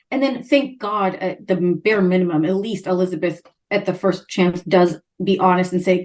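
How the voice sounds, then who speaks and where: A woman's voice: lowish voice, normal speed, few pauses. A young woman co-hosting a podcast, casually recapping a book and acting out the characters' lines. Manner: animated retelling, acts out characters' lines. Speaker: podcast co-host. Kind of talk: casual book-club chat.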